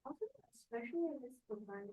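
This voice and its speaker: A high-voiced woman student answers briefly and eagerly during an online lesson. The audio is dull and lo-fi, with faint hiss behind her. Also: lively intonation, fast talker.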